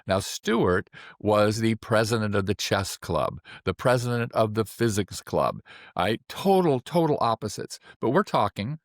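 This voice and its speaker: Older man, 70s, low voice, dry close mic, relaxed anecdotal storytelling. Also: unhurried, dry recording. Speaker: acupuncturist. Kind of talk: personal storytelling.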